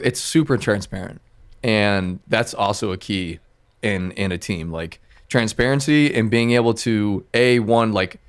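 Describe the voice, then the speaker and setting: A man with a fairly low voice, chatting as a music producer on a podcast. He talks loosely and rambles, circling back through his thoughts with plenty of fillers along the way. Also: smooth. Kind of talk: casual podcast chat.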